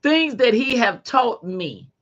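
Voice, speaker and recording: A middle-aged woman hosting a podcast, giving a faith-based motivational talk in a folksy, animated way and calling listeners honey. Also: fairly high pitch, slow, dull audio. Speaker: podcast host.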